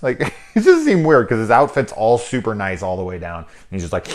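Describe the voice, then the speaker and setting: A man's voice: fairly low pitch, very animated, brisk, hardly any pauses. A man in his thirties giving a casual, rambling movie review, full of swearing and sarcastic asides. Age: 30s.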